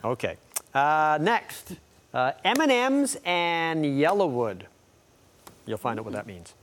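Playful man with a lively voice. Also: on the high side, slow, slight background noise. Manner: playful, teasing. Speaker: news show co-host presenting commercials. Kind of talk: casual studio banter.

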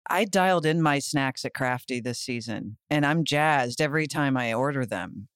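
A man's voice: mid-range voice, lively intonation, normal speed, a bit bright, smooth, no echo. Playful man chatting on a dry mic. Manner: playful, rambling, teasing. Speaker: podcast co-host. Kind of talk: casual chat.

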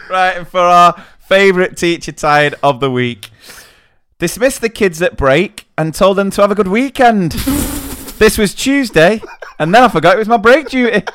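A man's voice: high-pitched, expressive, moderate pace, a bit bright, clean tone, dry recording. Giggly man reading stories. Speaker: podcast co-host, teacher. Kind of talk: casual chat, reading listener stories.

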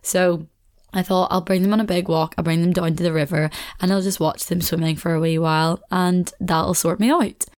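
Chatty Belfast woman, low-pitched. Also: fairly even intonation, moderate pace, a little mellow. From Northern Ireland. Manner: chatty, rambling, laughs often, swears casually. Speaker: podcast host. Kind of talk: casual solo podcast chat.

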